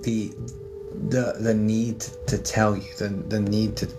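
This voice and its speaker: A man giving a psychic medium reading on a livestream, talking gently and reassuringly straight to his viewers. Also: fairly low pitch, flat delivery, slow. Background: background music.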